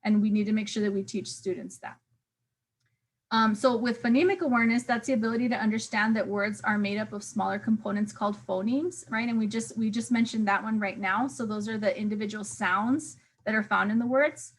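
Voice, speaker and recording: A woman's voice: mid-range voice, a little fast. A young woman teacher giving a casual recorded review lecture to interns, with frequent fillers and "right?" check-ins. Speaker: teacher trainer.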